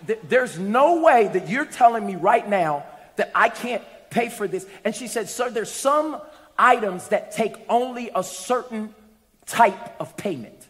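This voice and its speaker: A man preaching a sermon to a congregation, telling a story and building to shouted peaks. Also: high-pitched, animated, unhurried, big-room sound. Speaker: pastor. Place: church hall with congregation.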